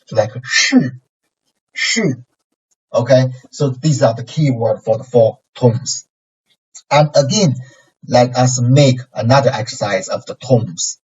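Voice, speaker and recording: A man's voice: mid-range voice, measured pace, warm tone, husky. A man with a Chinese accent teaching pronunciation, patiently repeating syllables with exaggerated tones. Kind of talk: pronunciation lesson. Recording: distant, dull lo-fi mic.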